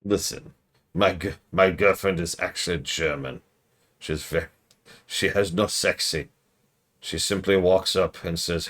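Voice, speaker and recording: Deep-voiced man riffing on stream. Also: measured pace. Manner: rambling, jokey riffing with deadpan asides. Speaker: streamer reviewing a game. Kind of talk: casual livestream commentary.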